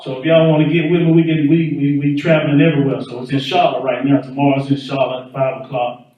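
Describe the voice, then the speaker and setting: A man's voice: medium pitch, flat delivery, fast talker, lo-fi sound. Male comedy host, loose patter. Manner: loose, self-promoting patter. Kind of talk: stand-up hosting. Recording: echoey room from far off.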